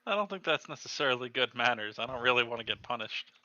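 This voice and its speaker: A man's voice: mid-range voice, animated, fast, sharp tone, dull audio. A man voicing his character in a tabletop game, polite and earnest with hesitant fillers. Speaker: player. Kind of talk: in-character tabletop role-play.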